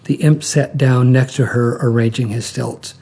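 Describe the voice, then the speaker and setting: Guy reading a story aloud, gravelly and super husky, calm and measured. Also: mid-range voice. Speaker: narrator.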